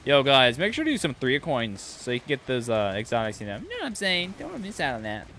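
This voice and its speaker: Excitable man streaming a game. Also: mid-range voice, slight background noise. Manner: excitable, quick reactions, chatting with viewers. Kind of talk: casual livestream commentary.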